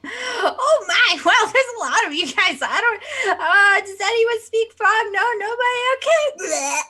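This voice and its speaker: A woman player with a high, very bright voice that swoops all over as she talks. She is giggly and lively, jumping into character. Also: a little slow. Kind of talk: tabletop role-play chat.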